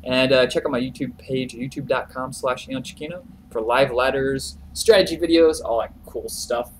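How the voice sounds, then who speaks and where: A man giving relaxed, chatty video game commentary, chuckling often between plays. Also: medium pitch, normal speed, a little hiss or hum, low-quality recording. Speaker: game caster.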